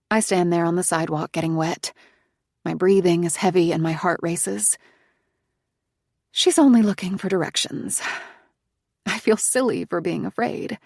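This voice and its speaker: A woman narrating a psychological thriller audiobook in the first person, in a tense, hushed manner. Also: on the low side, fairly even intonation, moderate pace, creaky, no room sound, studio quality.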